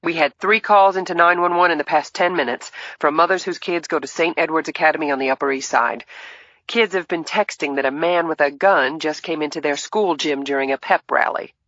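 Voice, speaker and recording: A woman's voice: low voice, brisk, fairly bright tone, dry recording. Tough woman detective read by a woman, clipped and urgent, lo-fi sound. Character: tough female detective partner. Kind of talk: audiobook dialogue.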